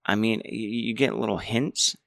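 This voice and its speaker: A man's voice: lowish voice, steady tone, normal speed, vocal fry, a bit bright, no room sound, studio quality. A man rambling casually through a movie review. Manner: rambling, many restarts. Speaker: movie commentator.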